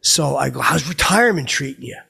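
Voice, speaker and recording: Guy doing a clueless bragging middle-aged dude, raspy husky voice, rambles with lots of uh and blah blah, talks about himself by name. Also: medium pitch, expressive, bright, forceful tone, exaggerated voice. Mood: rambling. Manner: rambling, halting, full of fillers and "blah, blah"; refers to himself in the third person. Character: boastful clueless middle-aged man, oblivious and touchy. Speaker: podcast host. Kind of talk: improvised comedic character monologue.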